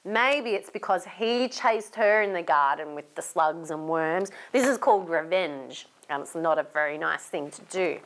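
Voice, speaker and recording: A woman with an Australian accent, a children's entertainer reading a picture book aloud, animated and asking young listeners to join in. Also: medium pitch. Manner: animated, asks young listeners questions and invites them to join in.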